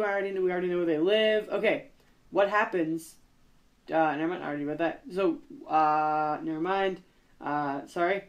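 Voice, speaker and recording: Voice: mid-range voice, moderate pace. Rambling young podcast host. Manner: rambling, lots of fillers and self-corrections. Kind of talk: casual chat.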